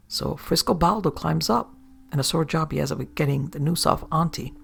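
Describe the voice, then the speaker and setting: A woman's voice: low voice, moderate pace, gravelly, a bit bright, slightly rough. A woman narrating a horror tale of the sea in a folksy sailor-yarn manner. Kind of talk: horror story reading.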